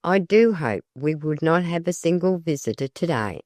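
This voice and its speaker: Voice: mid-range voice, lively intonation, moderate pace, a little mellow, no room sound, clean studio sound, natural voice. An audiobook narrator voicing a gushing, hospitable young tea-room hostess who chatters effusively.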